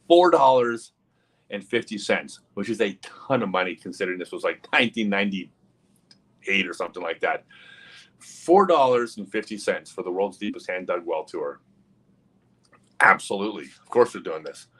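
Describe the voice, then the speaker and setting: Low husky guy rambling through a story on a livestream, animated and chatty. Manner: animated, many fillers and asides. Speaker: livestream host. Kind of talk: casual anecdote telling.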